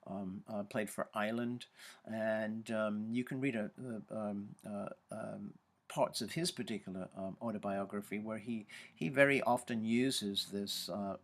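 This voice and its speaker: A man's voice: on the low side, a bit bright. A man giving a university lecture, hesitant and full of ums and uhs. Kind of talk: recorded lecture.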